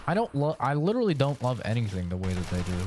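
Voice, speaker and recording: A man's voice: mid-range voice, very animated, quick pace, background noise. A young man streaming a game, telling a rambling, profane story in a casual chat full of fillers. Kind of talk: casual storytelling while gaming.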